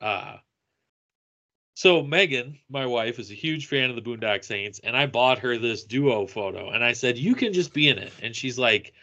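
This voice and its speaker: A man's voice: medium pitch, a little slow, lo-fi sound. A man on a podcast telling a convention story in casual chat, acting out what people said. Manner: animated, acts out quoted lines. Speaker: podcast co-host.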